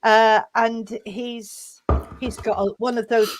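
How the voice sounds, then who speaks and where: Halting woman medium calling people sweetheart. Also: on the high side, little pitch movement. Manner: halting, full of fillers and restarts, calls people sweetheart. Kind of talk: mediumship demonstration.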